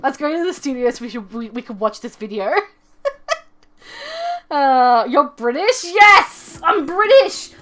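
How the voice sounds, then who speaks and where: A woman's voice: high voice, big pitch swings, a little slow, long pauses. A young woman streaming, chatting casually in a playful, rambling, giggly way. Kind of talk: casual live-stream chat.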